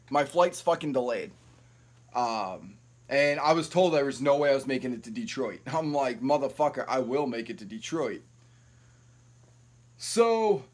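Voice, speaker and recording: A young man telling rambling, profane stories to camera at home, without an external mic. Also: mid-range voice. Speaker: YouTube vlogger. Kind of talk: casual storytelling to camera. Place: at home, no ring light set up. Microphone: built-in camera mic, no external mic.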